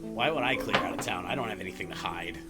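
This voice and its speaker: Man playing hostile shouting resident, deep voice, loud music bed. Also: fast talker, lightly acted. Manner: hostile, shouting from another room. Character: surly, defensive grown man in his home. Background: background music.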